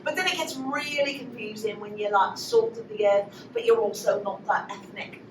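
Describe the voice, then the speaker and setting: A high-voiced woman jokes her way through an improv scene, playfully dropping in and out of put-on accents. She sounds a little distant from the mic, in an echoey room with noticeable background noise. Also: normal speed. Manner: playful, joking, in and out of character accents. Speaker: improv performer.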